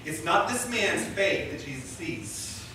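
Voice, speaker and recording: A male pastor preaching a sermon in a church, telling the story dramatically and swinging between loud and hushed delivery. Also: sits high, sing-song, measured pace, noisy background. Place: church sanctuary. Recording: echoey church hall from far off.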